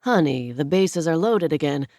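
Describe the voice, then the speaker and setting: A woman's voice: sits low, expressive, moderate pace, darkish tone, dry recording, studio quality. A woman voicing a charming, wealthy young man who teases with smug confidence. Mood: teasing. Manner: teasing, smug.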